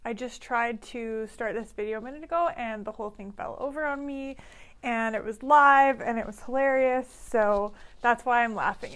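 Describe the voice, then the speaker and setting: A woman business coach talking casually and directly to camera in a live video, upbeat and quick to laugh. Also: fairly high pitch, fairly bright tone.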